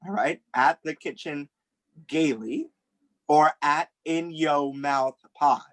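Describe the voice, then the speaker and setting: A man's voice: a little high, slow pace, a bit bright, no room sound. A man guesting on a podcast over a video call, campy and joking, promoting his work. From Long Island, New York. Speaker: podcast guest, food personality.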